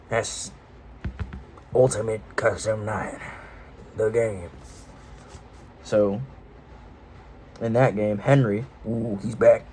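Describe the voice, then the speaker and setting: A man's voice: on the low side, fairly even intonation, slow pace, pauses often, background noise. A man casually retelling a game series' story in a rambling, offhand, irreverent way, full of loose jokey paraphrase. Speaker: video host.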